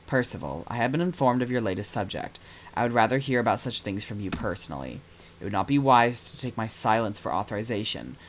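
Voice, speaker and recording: A man's voice: fairly low pitch, animated, quick pace, a little hiss or hum, natural voice. A man reading as a cold, shadowy boss. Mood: cold, menacing. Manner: formal, clipped and menacing. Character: cold, shadowy boss who signs with a number.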